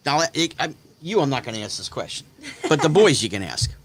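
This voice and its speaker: A man in his fifties, a guest in a casual chat, telling anecdotes with animated delivery and slipping into other people's voices. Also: medium pitch, fairly quick. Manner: animated, acts out quoted voices. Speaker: guest storyteller.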